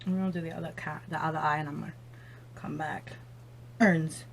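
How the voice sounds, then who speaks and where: A woman's voice: on the low side, normal speed, sharp tone. A young woman vlogging as she does her makeup, swearing a lot and laughing often while chatting on the phone. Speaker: beauty vlogger. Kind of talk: casual makeup chat on the phone.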